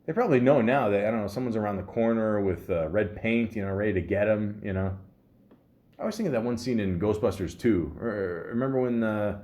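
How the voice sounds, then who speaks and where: A man's voice: lowish voice, darkish tone. A man hosting a comedic podcast, reading out trivia and breaking into rambling, profane asides full of fillers. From Canada. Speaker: podcast host.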